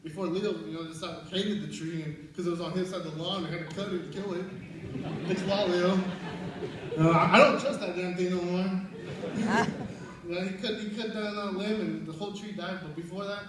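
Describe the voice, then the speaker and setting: High-voiced man sharing memories in an echoey hall. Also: fairly even intonation, fast talker. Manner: laughs often while telling stories, acts out quotes. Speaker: eulogy speaker at a memorial service. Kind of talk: storytelling remembrance. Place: large room at a memorial service. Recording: very echoey hall, far from the mic, background noise.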